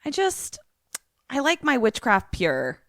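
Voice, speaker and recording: A woman's voice: a little high, huge pitch swings, takes it slowly, fairly bright tone, no echo, studio quality. A young woman co-hosting a podcast, talking casually and reacting with disbelief. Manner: incredulous, exclaiming, laughing. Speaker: podcast co-host. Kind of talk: casual chat.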